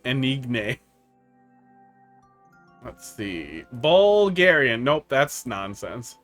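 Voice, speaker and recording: A man's voice: mid-range voice, pushed and bright. A man from the United States giving casual, joking live-stream commentary on viewer-made game levels, rambling and laughing often.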